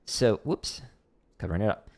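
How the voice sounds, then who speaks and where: Gravelly man scatting drum rhythms. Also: on the low side, normal speed, very noisy. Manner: sings out rhythms with vocal syllables; relaxed, thinking aloud with fillers. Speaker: drum instructor streaming practice. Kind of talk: casual spoken drum lesson. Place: home practice room. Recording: loud drumming and clicks behind the voice.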